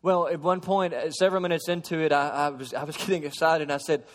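A man preaching a sermon, moving between hushed storytelling and raised, emphatic preaching. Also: on the high side, fairly even intonation, fast talker. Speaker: pastor. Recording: long hall reverb.

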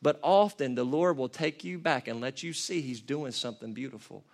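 A man preaching a passionate sermon, building from quiet reflection to shouted peaks. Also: mid-range voice, moderate pace. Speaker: pastor.

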